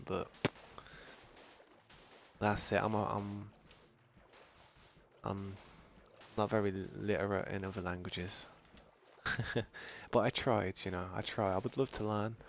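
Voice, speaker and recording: A man's voice: lowish voice, level tone, moderate pace, vocal fry, long pauses, slight background noise. A man from England with a Birmingham accent, chatting casually to viewers while streaming a game, rambling and reading chat aloud. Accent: Birmingham English. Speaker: gaming streamer.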